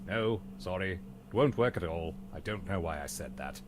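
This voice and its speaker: An actor playing a weary, dry-witted butler in a game, speaking in a formally polite, deadpan way. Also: male voice, deep voice, moderate pace, noisy background. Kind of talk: video game voice acting.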